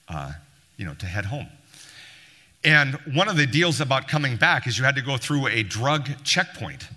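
A man tells a story to a church group, acting out the voices with a sarcastic edge. His voice is bright and forceful and swings widely in pitch. It rings with a long reverb, as in a large hall. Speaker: church member telling a story.

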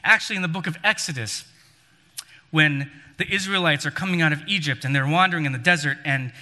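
Guy giving a sermon, really bright ringy voice, lots of hall reverb, tells the story with big swings in emphasis. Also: fairly high pitch, a little fast. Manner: storytelling, voices quoted figures with rising and falling emphasis. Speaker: preacher.

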